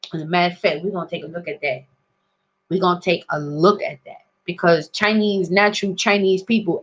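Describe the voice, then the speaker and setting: This vlogger's medium-pitched voice is a bit bright, and the audio sounds dull. She rants profanely and casually at her viewers, slipping into street slang and repeatedly checking whether they understand.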